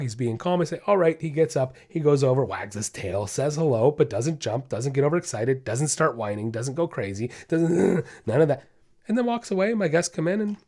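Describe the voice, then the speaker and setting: A man's voice: medium pitch, darkish tone. Male podcast host, dog trainer type, emphatic coaching delivery that hammers key points. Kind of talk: casual instructional talk.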